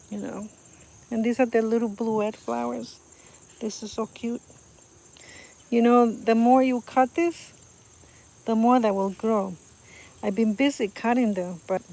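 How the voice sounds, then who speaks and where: A woman's voice: on the high side, creaky, darkish tone. Chatty woman in her garden, crickets behind. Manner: chatty, rambling, lots of fillers and restarts; admiring and gushing. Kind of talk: casual vlog chat. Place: outdoor garden. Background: crickets and insects outdoors.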